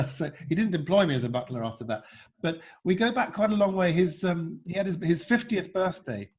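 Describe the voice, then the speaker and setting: A man, a comedian and impressionist, chatting in an interview and telling lively anecdotes. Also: sits high, brisk, husky. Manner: lively storyteller, slips into voices. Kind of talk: casual interview chat with anecdotes.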